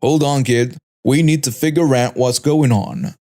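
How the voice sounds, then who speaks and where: A man voicing a calm, firm male security guard in a story reading. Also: medium pitch, a little slow, natural voice.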